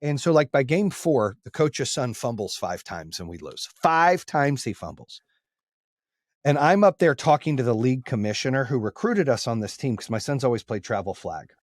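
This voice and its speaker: A man's voice: medium pitch, expressive, a little fast, few pauses, darkish tone, dry recording, studio quality. A man hosting a podcast, telling a personal story in a blunt, casual way, swearing freely and acting out past arguments. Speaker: podcast host.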